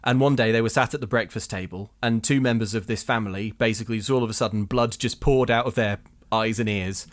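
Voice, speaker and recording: A man's voice: fairly low pitch, fast talker, few pauses. Playful man riffing casually. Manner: playful, riffing on gory bits. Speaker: podcast co-host. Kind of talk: casual chat.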